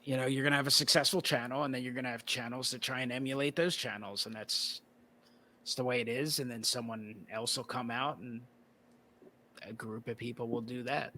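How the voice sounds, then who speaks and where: A male card-collector guest in a casual conversation, relaxed and rambling with plenty of "you know" fillers. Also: medium pitch, a little fast.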